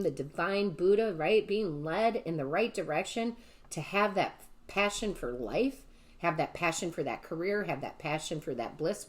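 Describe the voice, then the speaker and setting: A woman giving a casual tarot reading to her viewers. She gushes with enthusiasm and keeps asking "right?". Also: deep voice. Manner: gushing and enthusiastic, often asks "right?" and addresses viewers as "guys". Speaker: tarot reader and medium.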